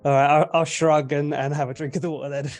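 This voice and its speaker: A man's voice: a little high, flat delivery, fast, soft background music. A man playing a tabletop game, easygoing and a little hesitant, with chuckles. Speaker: player. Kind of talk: casual tabletop play.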